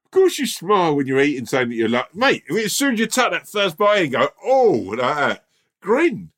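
A man co-hosting a podcast, telling stories in an animated, emphatic, sweary way in casual chat. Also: high voice, quick pace. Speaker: podcast co-host.

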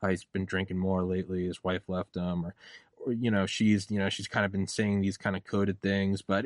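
A man's voice: low-pitched, flat delivery, moderate pace, no room sound, studio quality. A man hosting a podcast in casual conversation, rambling and acting out quoted voices as he talks. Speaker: podcast host.

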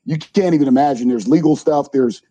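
A middle-aged man, a junior college basketball coach, telling animated stories in an interview and acting out the quotes. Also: medium pitch, brisk, slightly rough, dull audio. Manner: animated storyteller, acts out quotes. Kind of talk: interview storytelling.

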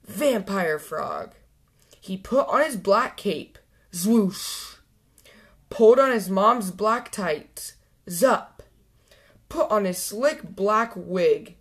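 A woman hosting a children's story channel, reading a picture book aloud clearly and expressively. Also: medium pitch, animated, very slow.

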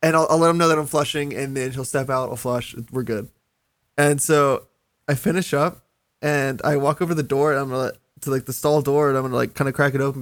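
A young man co-hosting a podcast, telling a story in a casual, animated way, laughing and swearing as he goes. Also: mid-range voice, fairly quick, no room sound, studio quality. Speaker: podcast co-host.

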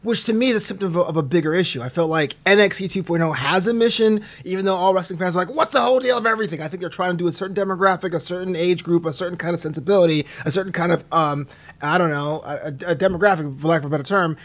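High, rapid-fire jokey podcast man. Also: a bit bright. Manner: quick, jokey, laughing asides. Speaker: podcast co-host. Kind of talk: casual podcast chat.

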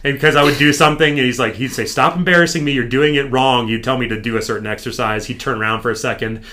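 Bright-voiced American man telling his story. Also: mid-range voice, quick pace. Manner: animated, acts out his trainer's lines. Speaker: podcast guest. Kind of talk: casual storytelling.

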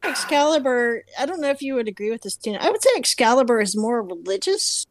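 A woman's voice: on the high side, lively intonation, fast talker, dry recording. A woman in a casual chat, adding wry asides.

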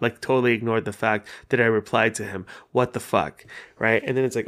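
Young guy rambling on his podcast, lots of swearing, excitable, regular mid voice. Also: mid-range voice, normal speed. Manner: animated, profane storytelling. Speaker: podcast host. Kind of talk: casual monologue.

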